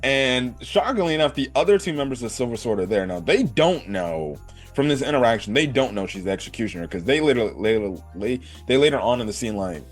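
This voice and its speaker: A man's voice: medium pitch, very animated, fairly quick, faint music behind. A man casually recapping an anime episode, rambling with lots of fillers and cursing. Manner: rambling, swears, many fillers like "like" and "right". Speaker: anime reviewer.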